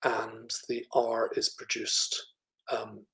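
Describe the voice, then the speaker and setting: A middle-aged man with a middle-class Scottish accent, giving an academic lecture and pausing to demonstrate speech sounds. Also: on the low side, monotone, creaky, a bit bright, low-quality recording. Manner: thoughtful, with fillers and restarts, demonstrating speech sounds. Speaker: phonetics professor giving a lecture.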